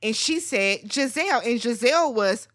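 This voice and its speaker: Sassy, bright-voiced woman ranting. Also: a little high, expressive, moderate pace. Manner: sassy, blunt and profane, swinging into loud squeals. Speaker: recap channel host. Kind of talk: casual reality TV recap rant.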